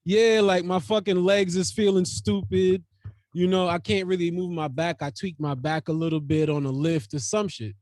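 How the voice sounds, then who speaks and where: High-voiced man in casual podcast banter. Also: fairly even intonation, normal speed, a little mellow, dry recording, studio quality. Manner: profane, laughing, loose slang. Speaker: podcast host.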